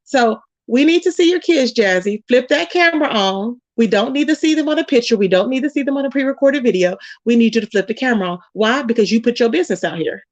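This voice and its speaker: A woman hosting a commentary channel rants bluntly and scolds someone, repeating her points and stretching out words for emphasis. Her voice is a little high, animated and fast with few pauses, on dull lo-fi audio with no room sound.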